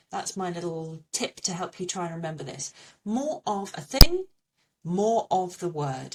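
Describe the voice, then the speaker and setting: A woman's voice: lowish voice, a little mellow, far from the mic. Patient woman teaching French pronunciation. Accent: English. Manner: patient, explains with repeated memory tips. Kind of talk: video pronunciation lesson.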